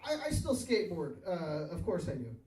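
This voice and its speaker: High-voiced man doing crude stand-up. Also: sing-song, a little fast, a little mellow, distant mic. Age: 30s. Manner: laughs at his own jokes, crude and rambling. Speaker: stand-up comedian. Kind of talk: stand-up comedy set. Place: bar stage, live audience. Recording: echoey bar recorded from afar.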